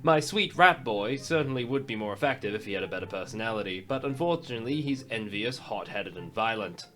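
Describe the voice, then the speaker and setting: A young New Zealand man rattles through a comedic ranking video in a bouncy, animated voice that swings up and down. His delivery is sarcastic and jokey, with casual swearing, over faint music in the background. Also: fairly low pitch, fairly quick. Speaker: YouTube host. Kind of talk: comedic tier-list commentary.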